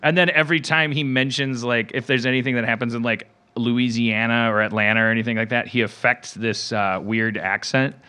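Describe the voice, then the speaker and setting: Bright-voiced rambling male podcast host. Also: mid-range voice, steady tone, a little fast, hardly any pauses, smooth. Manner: rambling, full of fillers and restarts, laughing often. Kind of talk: casual comedic chat.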